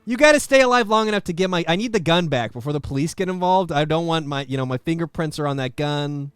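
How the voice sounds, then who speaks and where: Sarcastic young male streamer, smooth voice. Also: on the high side, fast, no echo. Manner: sarcastic, deadpan jokes. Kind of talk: live game commentary.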